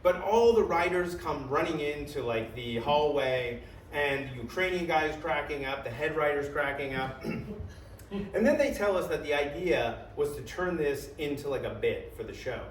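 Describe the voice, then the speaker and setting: A man telling a comic story in an animated, profane style, full of "like" and "right?". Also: on the high side, moderate pace, a little hiss or hum. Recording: echoey room, distant mic, faint ambience.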